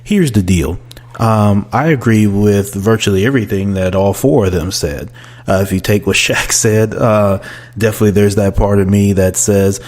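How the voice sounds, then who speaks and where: A man hosting a podcast, giving relaxed spoken commentary and thinking aloud with fillers. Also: on the low side, normal speed. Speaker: podcast host. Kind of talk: casual commentary.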